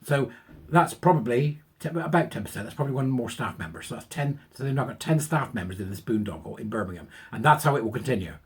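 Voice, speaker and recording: Animated, sarcastic man ranting. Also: medium pitch, fast talker, slightly rough. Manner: animated, sarcastic, incredulous asides. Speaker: channel host. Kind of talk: ranting commentary on news.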